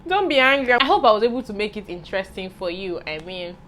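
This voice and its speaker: A woman's voice: mid-range voice, fast. Young Nigerian woman, casual Q&A vlogger, playful and chatty, faint room noise behind. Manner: lively, playful, breaks into Yoruba and pidgin asides. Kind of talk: casual Q&A vlog chat.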